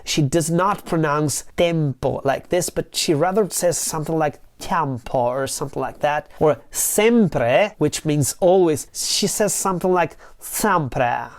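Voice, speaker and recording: A woman's voice: deep voice, unhurried, hardly any pauses, a little mellow. A woman in her forties from Italy with a northeastern Italian accent, teaching Italian in a patient, chatty video lesson that drifts into side notes. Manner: chatty, digressive, patient explainer.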